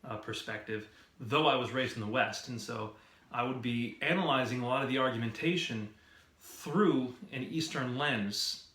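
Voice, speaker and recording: A man from the West speaking about his background in a measured, thoughtful way. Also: medium pitch, a bit bright. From raised in the West. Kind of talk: reflective personal talk. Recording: roomy echoey room.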